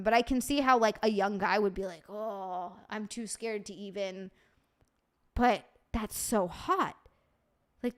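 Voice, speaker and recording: A woman's voice: a little high, fairly bright tone. A young woman live streamer in casual, profane, bubbly banter with her viewers.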